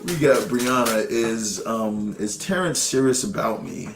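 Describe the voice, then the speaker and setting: A man's voice: lowish voice, expressive, unhurried, vocal fry, over music. Casual male tarot streamer, loose and profane, laughs a lot; echoey room sound. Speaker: tarot reader on a live stream. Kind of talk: casual live-stream reading.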